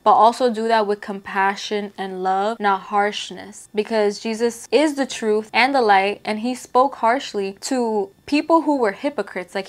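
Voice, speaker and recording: A woman giving a casual, earnest talk about her Christian faith to camera, speaking conversationally with frequent filler words. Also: mid-range voice. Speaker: Christian vlogger.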